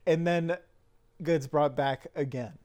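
A man co-hosting a podcast, chatting casually about movies and rambling through plot details in low asides. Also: slow pace, darkish tone. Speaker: podcast co-host. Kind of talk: casual movie review chat.

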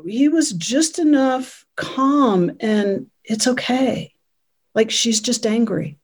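A woman's voice: mid-range voice, darkish tone. A woman parenting consultant speaking as an interview guest, earnest and telling stories about her clients. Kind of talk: conversational interview.

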